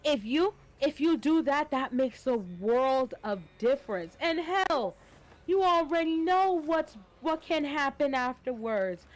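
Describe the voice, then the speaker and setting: A woman's voice: high-pitched, takes it slowly. Blunt swearing woman on stream. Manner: blunt, swears freely, animated. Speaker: co-host streamer. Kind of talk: casual chat.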